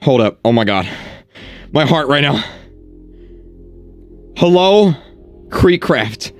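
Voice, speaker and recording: A young man streaming live, overjoyed and repeating the same excited exclamations again and again. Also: medium pitch, moderate pace, faint music behind. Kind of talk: live gaming stream reaction.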